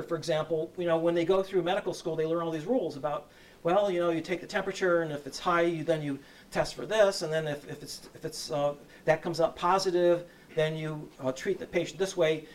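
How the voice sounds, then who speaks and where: A man's voice: on the high side, recorded from a distance. Lecturer man with "right?" habits. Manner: hesitant, restarts, says "right?" often.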